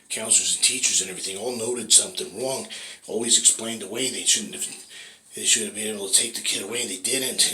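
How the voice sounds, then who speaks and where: Guy rambling on his vlog, cusses a lot, keeps saying right?, sharp voice, echoey room. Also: deep voice. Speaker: fitness vlogger. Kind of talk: casual rambling talk. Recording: echoey room with faint noise.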